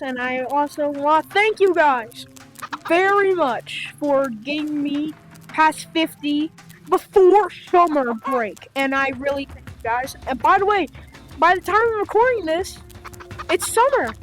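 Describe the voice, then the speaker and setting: Young female gaming vlogger, high voice, rambling casual chat, faint music behind. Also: unhurried. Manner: rambling, many fillers and playful asides. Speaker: gaming channel host.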